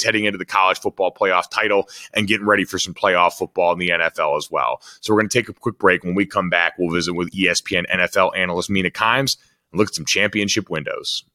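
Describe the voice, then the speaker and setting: A man hosts a sports podcast, chatting fluently with the odd filler word. His voice sits low but has a bright, forceful edge. The recording is dry and close. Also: dry recording. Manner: conversational, fluent with filler words. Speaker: podcast host.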